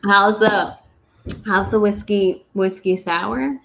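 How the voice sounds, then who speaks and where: A woman's voice: medium pitch, fairly even intonation, slow, gravelly, a bit bright, dull audio, a little hiss or hum. A woman hosting a tipsy movie review, rambling and giggling and swearing as she talks. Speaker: show host.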